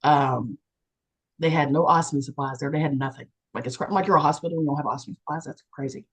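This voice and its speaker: A woman from West Virginia candidly telling her personal story on a video call, animated and acting out the voices of the people in it. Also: low-pitched, fast, husky, poor audio. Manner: animated, acts out quoted people with big jumps in voice. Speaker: panelist and co-author sharing a near-death experience.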